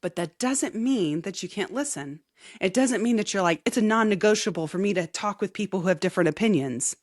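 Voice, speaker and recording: Woman podcast co-host, mid pitch, playful and animated, dry close sound. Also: a little fast, no room sound. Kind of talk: casual chat.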